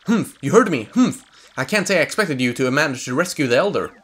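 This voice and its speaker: A man's voice: on the high side, lively intonation, brisk, a bit bright, slightly rough. Man doing a huffy, stubborn little bug creature. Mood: defiant. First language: Swedish. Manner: huffy, defiant. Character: stubborn proud young male bug creature.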